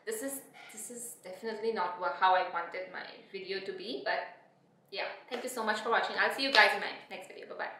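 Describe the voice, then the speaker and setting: A young adult woman vlogger talking to camera, heartfelt and emotional, halting with many restarts and fillers. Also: mid-range voice, sharp tone, slight background noise. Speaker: beauty vlogger. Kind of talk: reflective talk to camera. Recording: echoey room.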